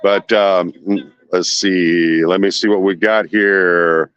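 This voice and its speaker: A man's voice: low voice, fairly even intonation, slow, fairly bright tone, clear, resonant tone, no echo, highs cut off. A man live-streaming outdoors at night from a handheld phone, sweating as he reads chat and fires off indignant rhetorical questions.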